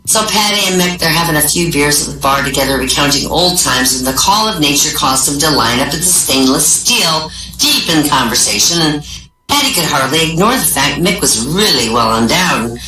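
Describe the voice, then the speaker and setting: A woman telling a string of Irish pub jokes, jumping up in pitch for each quoted character. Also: animated, moderate pace. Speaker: stand-up comic. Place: small comedy venue. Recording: echoey room from far off, faint music.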